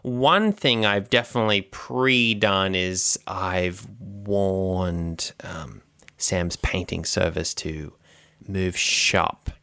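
A man with a fairly low but bright, forward voice plays along in improvised comedy banter on a podcast. He sounds quick and scheming and keeps a straight face through absurd jokes. The recording is dry and close. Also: creaky, clean tone, no echo. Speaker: podcast co-host.

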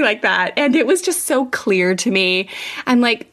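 A woman hosting a parenting podcast, talking in a chatty, animated way with lots of fillers. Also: mid-range voice, moderate pace. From California, USA. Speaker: parenting podcast host and coach. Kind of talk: casual podcast monologue.

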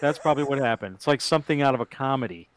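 A man in a casual Bible study, asking questions and reacting in an animated way. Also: medium pitch, rapid-fire, no echo.

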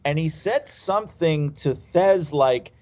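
A man's voice: on the high side, animated, slow, a little mellow. A man telling stories in a casual chat, rambling and laughing as he goes. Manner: rambling, laughs through anecdotes. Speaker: podcast guest. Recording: slightly dull lo-fi sound.

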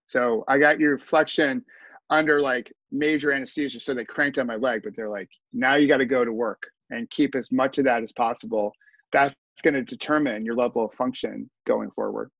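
A man's voice: mid-range voice, fairly even intonation, moderate pace, vocal fry, fairly bright tone, no room sound, highs cut off. A man talking earnestly as a podcast guest, telling his story with asides and restarts. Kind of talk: conversational storytelling.

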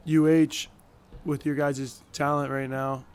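A man's voice: fairly high pitch, level tone, slow pace, darkish tone, slight background noise. A man guesting on a podcast who talks in an easygoing, respectful way with casual slang.

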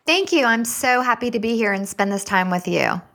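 A woman's voice: fairly high pitch, lively intonation, a bit bright. A woman from Virginia with a Southern accent, a guest author talking in a friendly, chatty way on a remote call. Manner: chatty, friendly, quick laughs. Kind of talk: casual interview chat.

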